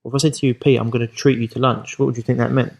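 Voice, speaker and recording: A man talks at a quick clip with a gravelly, creaky edge to his voice. he is the podcast host, telling stories about his coaching clients in a relaxed conversational way. he acts out their lines as he goes. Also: mid-range voice, highs cut off. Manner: animated storyteller acting out client quotes.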